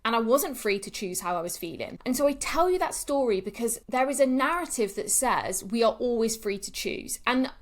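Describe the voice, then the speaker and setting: A woman's voice: fairly high pitch, animated, moderate pace, hardly any pauses. Candid, swearing woman coach. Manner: candid, swears freely, emphatic repetition. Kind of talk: casual monologue to camera.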